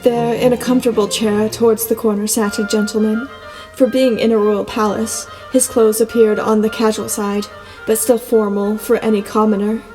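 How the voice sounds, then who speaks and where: A woman reading a storybook narration in a steady, even way. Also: fairly high pitch, normal speed. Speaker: audiobook narrator. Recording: long reverb, soft music beneath.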